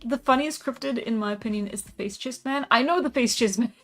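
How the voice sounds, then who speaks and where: A woman's voice: a little high, a little fast. Chatty laid-back woman streamer. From South Africa. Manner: relaxed, chatty, laughs often, many fillers. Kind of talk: casual live-stream chat while drawing. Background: soft background music.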